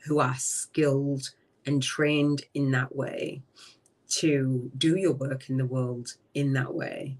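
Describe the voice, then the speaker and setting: A middle-aged woman hosting a live-streamed spiritual talk from a relative's home. She speaks slowly and reflectively, trailing off and often dropping to a soft voice. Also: a bass voice, little pitch movement. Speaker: podcast host. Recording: voice distant from the mic.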